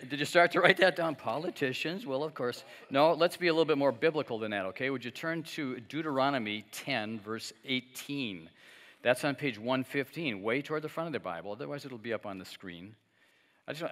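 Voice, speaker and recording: A man's voice: mid-range voice, a bit bright. A middle-aged man preaching a sermon as pastor, talking conversationally, joking now and then and having the congregation repeat after him. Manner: joking asides with light laughs. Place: church sanctuary. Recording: long reverb of a church hall.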